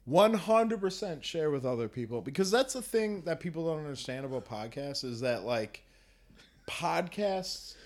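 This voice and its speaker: A man's voice: on the high side, normal speed. A man co-hosting a comedy history podcast, joking and swearing in casual chat. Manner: animated, joking, profane. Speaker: podcast co-host.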